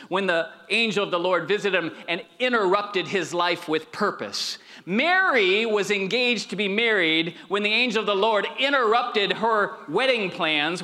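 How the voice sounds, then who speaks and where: A middle-aged pastor preaching a sermon, moving between quiet storytelling and emphatic calls to the congregation. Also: male voice, high voice.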